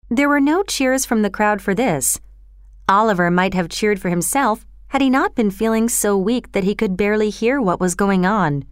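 A woman narrating a storybook in a measured, expressive storytelling manner. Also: medium pitch, smooth, no room sound, clean studio sound.

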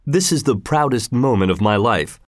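A man's voice: medium pitch, animated, normal speed, dry recording, clean studio sound, lightly acted. A man voicing a modest heroic archer making an earnest speech.

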